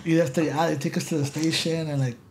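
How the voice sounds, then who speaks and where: A man from the Los Angeles area, guesting on a podcast, tells a casual story in a fast, somewhat high voice, with a little hiss or hum in the audio. He's animated and profane and alternates between English and Spanish.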